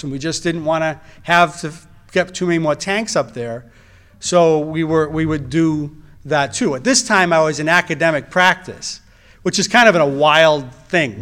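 Middle-aged guy doc telling his life story, kinda high smooth voice, keeps restarting sentences. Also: a bit bright. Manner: conversational storytelling with frequent restarts and wry asides. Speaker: reproductive endocrinologist giving personal testimony. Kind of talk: personal testimony talk.

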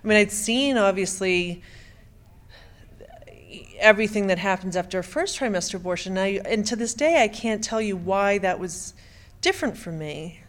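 Halting middle-aged woman telling her story. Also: medium pitch, expressive. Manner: halting, with frequent stammered restarts. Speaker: speaker giving personal testimony. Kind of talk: emotional personal testimony.

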